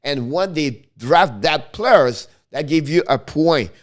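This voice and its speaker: Fairly high in pitch and slow, the middle-aged man hosting this relaxed live hockey stream speaks excitably, often backing up to restart and correct himself.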